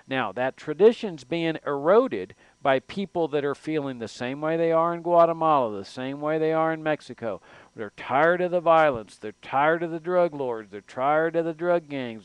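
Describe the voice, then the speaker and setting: Man, show host, political commentary, emphatic, rhetorical questions, somewhat high-pitched. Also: lively intonation, normal speed, smooth, no echo. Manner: emphatic, repeats words and restarts, rhetorical questions.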